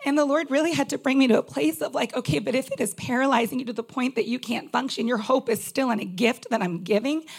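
A woman pastor preaches in a candid, conversational way, filling her talk with asides and fillers. Her voice sits a little high and carries a gravelly fry, and she is holding back tears. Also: fast, hardly any pauses. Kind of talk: personal sermon.

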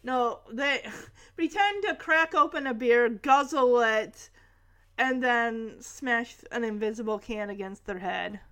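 High-voiced woman with sarcastic asides. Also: slow pace, fairly bright tone, smooth. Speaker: TV episode recapper. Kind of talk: casual episode recap.

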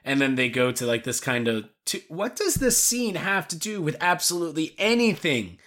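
Bright-voiced rambling man. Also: fairly high pitch, sing-song, normal speed. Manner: rambling, full of "like" and swearing. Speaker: podcast co-host. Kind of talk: casual movie-review chat.

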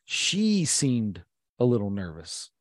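A man in his thirties co-hosts a casual podcast, with a middle-pitched voice. He talks in an animated way and breaks into accent impressions now and then. The sound is dry and close to the mic. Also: slow, dry recording. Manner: animated, mimics accents for laughs. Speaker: podcast co-host. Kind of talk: casual chat reviewing comedy.

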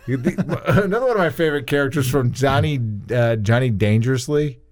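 A man co-hosting a podcast in casual chat, laughing often and breaking into quick impressions. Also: medium pitch. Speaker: podcast co-host.

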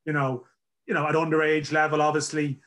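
A man hosts a podcast in a slightly high, bright voice. He rambles through his points in casual chat. He pokes fun at himself. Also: flat delivery, fairly quick. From Ireland. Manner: self-deprecating, rambling. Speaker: podcast host.

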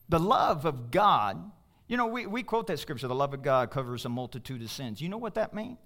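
Bright, emphatic male pastor preaching. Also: on the high side. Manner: emphatic, calls out to the congregation. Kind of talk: sermon.

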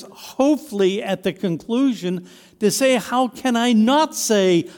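A man's voice: high-pitched, a little mellow, long reverb tail. A man preaching a sermon as pastor, emphatic, with his voice rising and dropping to stress his points.

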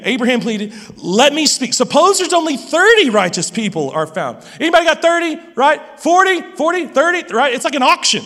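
A high-voiced male pastor delivering an animated sermon, full of stammers and restarts. His voice rings out with the long reverb of a big hall. He drives his points home with restless energy. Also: moderate pace.

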